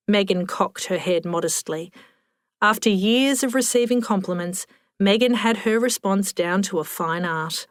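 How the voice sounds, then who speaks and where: A woman narrates a story with a wry, expressive delivery, close to the mic. Her voice sits in a mid range, and the recording is dry with no room sound. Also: medium pitch, measured pace, no room sound. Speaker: audiobook narrator. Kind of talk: scripted narration.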